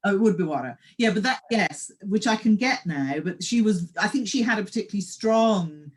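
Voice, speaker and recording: A woman with a medium-pitched, expressive voice speaks at a brisk pace. She's a host and story coach leading a casual interview conversation, affirming her guest and sharing stories of her own.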